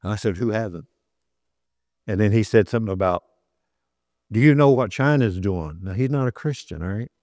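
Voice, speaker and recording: An older man preaching a sermon, telling a story and rising to emphatic points, then slowing down to read scripture. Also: on the low side, expressive, a little mellow, no room sound, clean studio sound.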